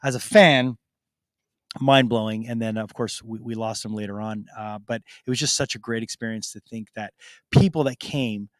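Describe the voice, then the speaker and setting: A man's voice: on the low side, steady tone, moderate pace, no echo. A man co-hosting a live convention Q&A on stage, chatting in a friendly, rambling way with fillers. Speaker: convention organizer co-host.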